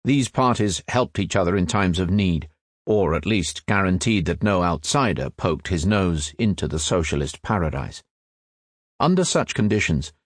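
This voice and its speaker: A man reading nonfiction as an audiobook narrator, in a measured, even storytelling delivery. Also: sits low, no echo, studio quality.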